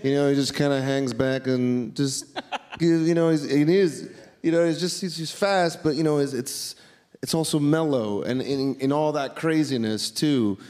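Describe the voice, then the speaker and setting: A man's voice: medium pitch, normal speed, darkish tone. A man on a press panel who halts and searches for words, laughing as he goes. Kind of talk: press conference answers.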